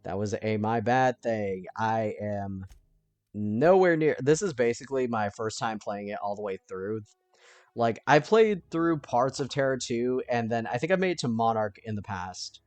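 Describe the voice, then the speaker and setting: A man giving casual let's-play commentary, thinking aloud and now and then breaking into panicked yelling. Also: mid-range voice, animated, moderate pace, no room sound.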